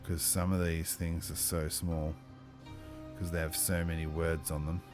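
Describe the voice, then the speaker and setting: A man running a tabletop game as game master, chatty and thinking aloud, with lively exclamations. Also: sits low, measured pace, music in the background.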